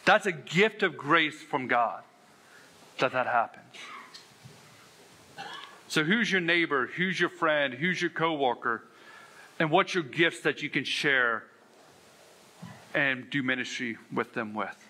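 A man's voice: a little high, lively intonation, takes it slowly, long pauses, sharp tone, husky. A man pastor preaching a sermon, telling a candid, self-deprecating story with earnest emphasis. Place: church sanctuary.

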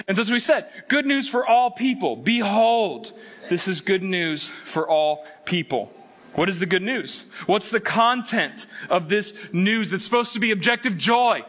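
A middle-aged man preaching a sermon, animated and playful, acting out quotes and jokes between readings. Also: sits high, a little slow. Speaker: pastor.

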